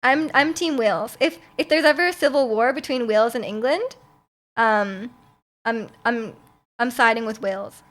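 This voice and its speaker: Young woman streamer, high and bright, giggly, loose casual chat with the audience. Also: normal speed. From Canada. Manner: giggly, chatty, reads and answers chat aloud. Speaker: livestreamer.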